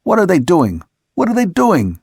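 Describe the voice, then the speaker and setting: A man voicing a frantic sailor who shouts and pleads with his crewmates high up in the rigging. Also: normal speed, no room sound, clean studio sound, close to an everyday voice.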